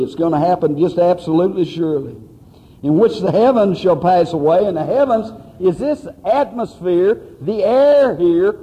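Pleading preacher with a high voice. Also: male voice, mellow, long reverb tail, muffled recording. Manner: pleading, emphatic preaching with repeated phrases. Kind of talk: sermon.

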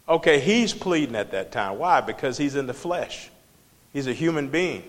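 A man's voice: mid-range voice, expressive, moderate pace, a bit bright. Male Bible study teacher, emphatic and conversational, quizzing the class, with a long hall echo. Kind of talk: preaching Bible study lesson.

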